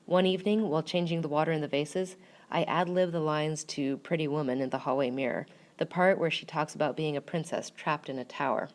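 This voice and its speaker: A woman reading a first-person story aloud in a measured, wry way. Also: deep voice, steady tone. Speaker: narrator.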